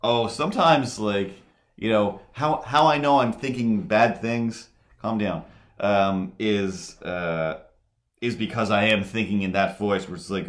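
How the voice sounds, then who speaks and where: A man with a low, deep voice chats casually while he draws on a live stream. He rambles, loses his thread, and circles back with filler words. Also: a little slow. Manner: rambling, full of fillers and restarts. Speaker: livestream host.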